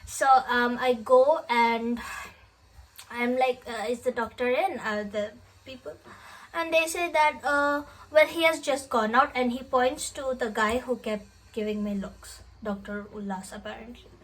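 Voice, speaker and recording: A woman's voice: fairly high pitch, unhurried, a bit bright, rough recording. A young woman telling a personal story in a casual, emotional vlog, often laughing as she talks. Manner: chatty, emotional, laughing between words. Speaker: vlogger.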